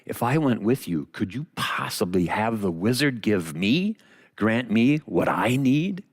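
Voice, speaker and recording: A man voicing a timid, weepy male lion who whimpers in a high, wailing whine. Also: very animated, measured pace, no echo, studio quality, exaggerated voice. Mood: hopeful.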